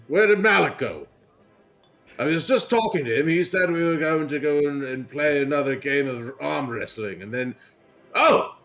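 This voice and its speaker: A man voicing a fussy, rambling older aristocrat who talks in an excitable, self-important way. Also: mid-range voice, gravelly, pitched above the performer's own voice.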